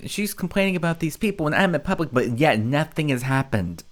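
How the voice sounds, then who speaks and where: A man's voice: a little high, lively intonation, brisk, few pauses. A man giving casual, exasperated reaction commentary, sarcastic and mocking.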